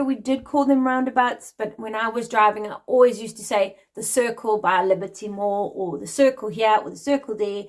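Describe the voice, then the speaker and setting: A woman in her forties from South Africa with a South African accent, explaining things in a friendly, chatty vlog and laughing lightly now and then. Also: a little high. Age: 40s. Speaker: vlogger.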